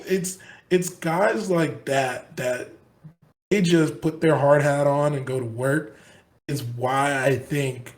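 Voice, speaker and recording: A man's voice: mid-range voice, darkish tone. A man co-hosting a sports podcast, talking casually in long, earnest, rambling stretches full of restarts. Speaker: podcast co-host.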